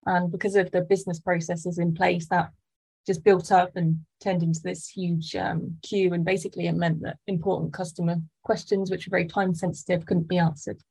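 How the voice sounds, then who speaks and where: A woman's voice: on the low side, flat delivery, fairly quick, gravelly, dark tone, husky, poor audio. A woman working as a product manager, explaining things casually as a podcast guest. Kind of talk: podcast interview.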